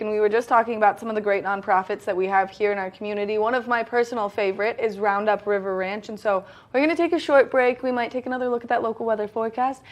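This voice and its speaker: A woman co-hosting a local TV morning show, talking enthusiastically and rushing through event listings until she runs short of breath. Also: medium pitch. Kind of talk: upbeat local TV chat.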